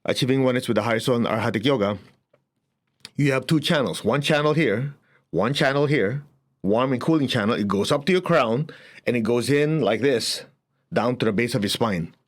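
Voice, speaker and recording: A man's voice: mid-range voice, brisk. A man teaching a spiritual class, telling stories with frequent chuckles and acting out the people he quotes. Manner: animated storytelling, chuckles often, acts out quotes.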